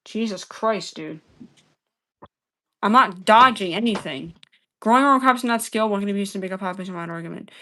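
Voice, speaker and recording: A woman's voice: mid-range voice, fairly quick, long pauses, sharp tone, a little hiss or hum. Woman streamer, combative and profane, scolding her chat, keeps repeating herself. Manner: repeats phrases over and over. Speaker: livestream debater. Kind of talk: heated livestream argument with chat.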